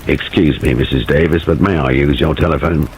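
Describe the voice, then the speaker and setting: A man's voice: lowish voice, big pitch swings, moderate pace, slight background noise. Stiff, clipped army major, short staccato delivery, voiced by the male narrator.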